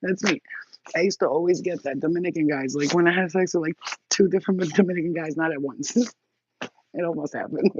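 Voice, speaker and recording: A woman's voice: on the low side, brisk, darkish tone, lo-fi sound, a little hiss or hum. A woman in her forties telling crude, frank stories to a phone camera, laughing often. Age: 40s. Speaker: channel host. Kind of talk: candid storytelling to camera.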